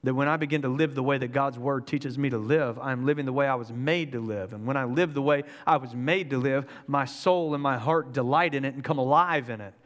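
A man preaching a sermon in an energetic, joking, conversational way. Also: medium pitch, brisk, few pauses, in a large hall. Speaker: pastor.

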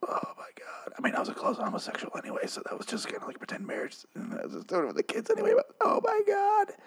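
A man's voice: medium pitch, expressive, fairly quick, lightly acted. A man playing a sobbing, unhinged dad. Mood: sobbing, whispered. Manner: swings from mock cheer to sobbing whispers.

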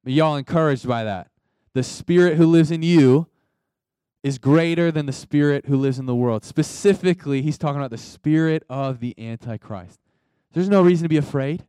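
A man's voice: mid-range voice, a little fast, mellow, clean tone, no room sound. A young man preaching a sermon in a conversational, emphatic way, calling out to the congregation for responses. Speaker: pastor.

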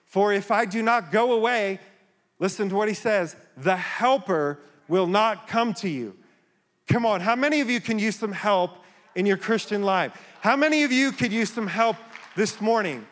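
A man's voice: high-pitched, moderate pace, a bit bright. Impassioned man preaching in a reverberant hall. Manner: impassioned, rising to emphatic calls. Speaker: pastor. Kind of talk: sermon. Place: church sanctuary.

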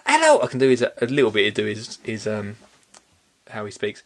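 A man hosting a podcast, telling a story in a casual, animated way and laughing often. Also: lowish voice, a little fast. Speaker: podcast host.

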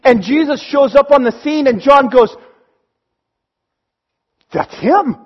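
A man's voice: extremely high pitch, normal speed. A man preaching a sermon in an earnest way that builds to emphatic peaks. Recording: dull lo-fi recording.

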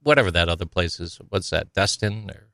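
A man's voice: sits low, expressive, fairly quick, creaky, fairly bright tone, no room sound. Male podcast co-host, easygoing rambler, dry close mic. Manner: rambling, lots of "you know" fillers. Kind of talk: casual chat.

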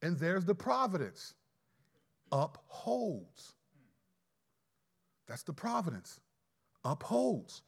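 A man preaching a sermon, emphatic, with sudden loud stresses and slowed key phrases. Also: high voice, very animated, husky.

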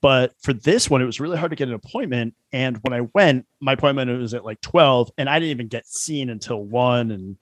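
A man's voice: mid-range voice, a little fast, hardly any pauses, dry recording. A man in his thirties chats casually as a podcast guest. He rambles through his stories, stuffing them with filler words. The recording is close and dry with no room sound. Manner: rambling storyteller, heavy on "like" fillers, laughs at own jokes. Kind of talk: casual chat.

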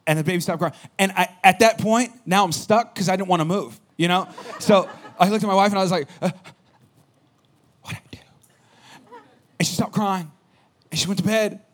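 A man with a slightly higher voice preaches a sermon, telling a personal story in a conversational style. He gets animated, then drops to a near hush when the story turns quiet. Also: brisk. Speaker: pastor.

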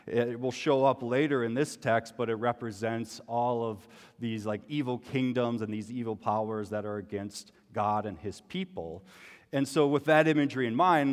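A man giving a sermon as a pastor, conversational and full of rhetorical questions. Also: medium pitch. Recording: long hall reverb.

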